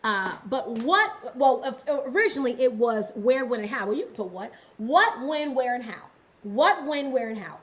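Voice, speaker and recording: Speaking at a moderate pace in a slightly high, sing-song voice, a woman runs a business and ministry lesson over a livestream. The recording is low quality, and she repeats phrases while inviting chat replies in a call-and-response pattern.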